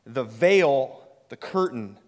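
A man preaching a sermon in a slow, dramatic way, dropping to a hush and swelling again. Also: medium pitch, animated. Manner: slow, dramatic delivery with hushed drops and swells. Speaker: pastor. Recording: long hall reverb.

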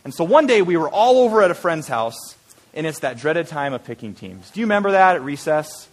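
A pastor with a fairly high voice delivers a sermon. He tells his story in an animated way and moves into earnest, quiet appeals to his listeners. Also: brisk.

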